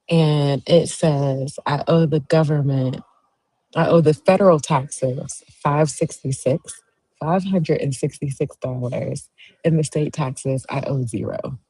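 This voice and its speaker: A woman's voice: low voice, slow, dark tone, slightly rough, no echo, poor audio. A woman hosting a casual livestream, telling a story in a chatty way and cheering on viewers as she reads their comments. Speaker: host.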